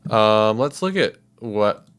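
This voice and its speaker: A man's voice: fairly low pitch, animated, slow, fairly bright tone, smooth. A man livestreaming as a composer, talking casually and rambling with many fillers and chuckles.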